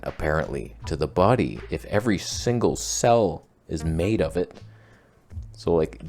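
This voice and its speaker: A man's voice: fairly low pitch, creaky, darkish tone. A man hosting a health vlog, answering viewer questions in a chatty, frank and sometimes indignant way, full of "like" fillers. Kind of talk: casual rambling Q&A monologue.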